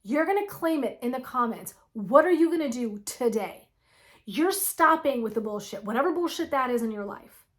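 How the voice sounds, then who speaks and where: A woman in her forties with a slightly high voice delivers a blunt, impassioned pep talk straight to her viewers. She swears freely and preaches with fire. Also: lively intonation, normal speed. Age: 40s. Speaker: wellness vlogger. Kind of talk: impassioned motivational vlog.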